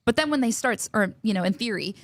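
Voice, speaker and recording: A woman's voice: fairly high pitch, expressive, fast talker. A woman contributor on a political panel, making questioning, ironic points. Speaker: show contributor.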